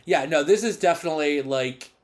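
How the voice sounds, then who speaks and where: Male podcast co-host, high-pitched and animated, swears freely while recapping. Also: brisk. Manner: profane, animated, mocking quotes in high put-on voices. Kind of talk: casual recap chat.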